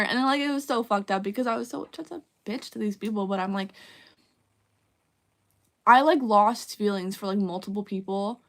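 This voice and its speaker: A woman's voice: medium pitch, normal speed. A young woman streaming live, chatting casually and candidly, swearing freely. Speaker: livestreamer. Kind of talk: casual livestream chat.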